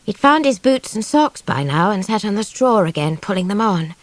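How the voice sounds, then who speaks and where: A woman's voice: mid-range voice, sing-song, normal speed, dry recording. A woman narrating a story in a chatty, girlish first-person voice. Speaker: audiobook reader.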